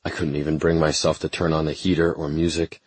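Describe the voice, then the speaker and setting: A man narrating a first-person romance audiobook in a measured, brooding, intense way. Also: very deep voice, little pitch movement, a little mellow, breathy edge.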